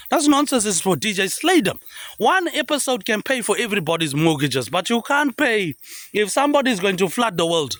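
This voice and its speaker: A man rambles on in a high, swooping voice that leaps up and down. He keeps tacking a low "mate, eh" onto his lines. The sound is close and dry. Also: fairly bright tone, no room sound. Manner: repetitive, trailing "mate, eh" tags dropped low. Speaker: vlogger. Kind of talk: rambling monologue.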